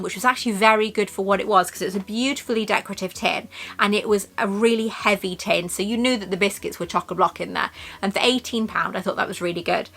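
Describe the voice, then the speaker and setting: A woman vlogging in a chatty, storytelling way, full of asides about her shopping haul. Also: fairly high pitch. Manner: chatty and warm-hearted, storytelling with many asides. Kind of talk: casual shopping haul chat.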